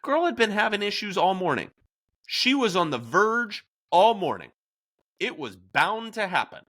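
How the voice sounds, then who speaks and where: A man's voice: sits high, big pitch swings, normal speed, fairly bright tone. A man hosting a podcast in a casual discussion, telling stories with animation and acting out quoted lines. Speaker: podcast host.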